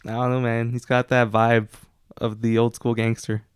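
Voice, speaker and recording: Relaxed co-host, a man with a smooth clear voice, hesitant and easygoing, dry close sound. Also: medium pitch, normal speed, dry recording. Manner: laid-back, hesitant, says "man" and "yeah" a lot. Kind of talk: casual movie chat.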